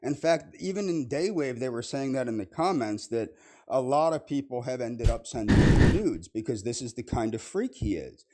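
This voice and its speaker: A man's voice: mid-range voice, expressive, moderate pace, warm tone. A man in a played clip, accusing someone and repeating the same charge over and over.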